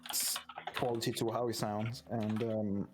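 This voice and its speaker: A man narrating a tabletop game as game master, relaxed and full of fillers. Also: on the low side, measured pace, background noise. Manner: relaxed, with many fillers and restarts.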